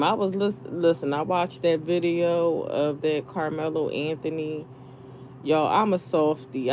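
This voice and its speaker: A live streamer with a deep, mellow voice vents casually to her viewers, rambling through stories while swearing and laughing. The audio is dull, with slight background noise.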